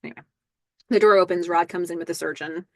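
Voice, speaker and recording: A chatty woman hosts a casual recap podcast with a slightly low voice. She walks through each scene step by step, dropping in little fillers as she goes. The sound is dry and close, with no room around it. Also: fairly even intonation, fast talker, darkish tone, dry recording. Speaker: podcast host.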